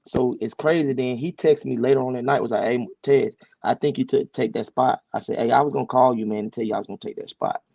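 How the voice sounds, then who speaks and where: A man who coaches high school sports tells his story as a podcast guest, relaxed and stumbling over restarts. His mid-pitched voice is gravelly. The recording is dry and slightly muffled. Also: fast talker, few pauses, dry recording. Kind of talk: casual interview storytelling.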